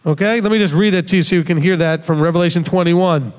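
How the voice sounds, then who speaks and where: A man's voice: high voice, fast talker, long reverb tail. A man giving a Bible study talk in a conversational teaching manner, tossing in rhetorical questions.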